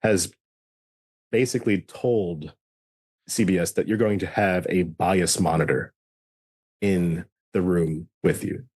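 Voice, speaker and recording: Rambling low-voiced man. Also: steady tone, slow, pauses often, a little mellow, husky, dry recording. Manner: rambling, self-correcting with many restarts and fillers. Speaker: podcast co-host. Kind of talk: casual political chat.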